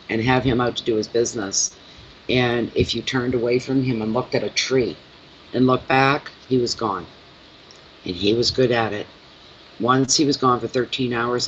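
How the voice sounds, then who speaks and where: A middle-aged man chatting with his viewers from home, telling stories in a lively, rambling way. His pitch sits in a middle range. The recording is a little dull and muffled, with faint noise underneath. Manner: chatty, animated storytelling. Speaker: tarot reader and channel host. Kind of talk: casual chat with viewers.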